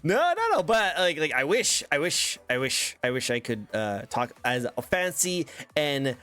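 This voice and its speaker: A man's voice: mid-range voice, expressive, measured pace, pushed and bright, clean tone. Goofy man hosting a stream. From United States. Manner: goofy, laughing, stammers through jokes. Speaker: host. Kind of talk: casual interview chat.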